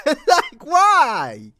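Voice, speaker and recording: High, lively Mexican man ranting angrily. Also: no echo, clean studio sound. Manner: profane, exasperated ranting with many restarts. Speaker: movie reviewer. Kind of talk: angry rant.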